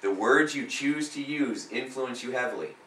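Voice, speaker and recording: An emphatic man coaches a client live, leaning on repeated lines that build in force. His voice is bright and forward. It sounds roomy, picked up from a mic set a little way off. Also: mid-range voice, moderate pace, recorded from a distance, slight background noise.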